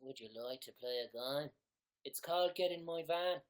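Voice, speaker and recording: A man's voice: a little high, normal speed, close to an everyday voice, poor audio. A man putting on an exaggerated fake Irish accent, playing a cheery young male gamer who repeats sing-song catchphrases. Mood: rowdy. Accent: put-on Irish.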